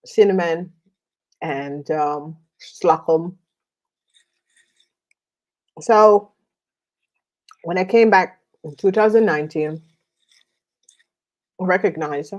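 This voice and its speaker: Woman tarot reader, chatty vlog style, eats while talking, lower voice, unhurried delivery. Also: a little mellow. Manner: chatty, many fillers, slow and rambling. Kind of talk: casual chat while eating.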